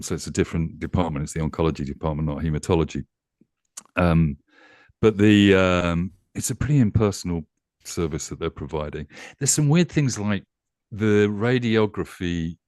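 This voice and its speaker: A man's voice: low voice, normal speed, a little mellow, dry recording. A man from the United Kingdom talking on a casual panel chat, with wry, dry humor.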